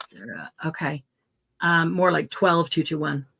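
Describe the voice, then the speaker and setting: A woman's voice: sits low, lively intonation, measured pace, creaky, a bit bright, husky, low-quality recording. Chatty woman hosting a live craft sale. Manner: chatty, laughs often, lists product colors. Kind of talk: casual live sale chat.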